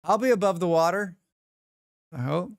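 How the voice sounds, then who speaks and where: A man's voice: sits high, lively intonation, normal speed, gravelly, no room sound, clean studio sound. A man with an American accent, chatting casually on a live stream, rambling and reading his chat aloud. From United States.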